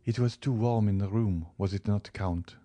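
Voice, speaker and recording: A man's voice: on the low side, normal speed, mellow, no room sound, lightly acted. A man voicing a sorrowful, pleading French countess with a tremulous, plaintive voice in an audiobook reading. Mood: sad, pleading.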